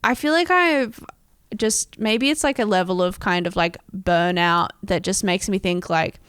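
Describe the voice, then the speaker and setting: A woman's voice: mid-range voice, a little slow, a bit bright, clear, resonant tone, no echo, studio quality. A woman chatting as a podcast guest, rambling with lots of "like" and frequent laughter. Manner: rambling, heavy use of "like", laughs often. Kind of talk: casual chat.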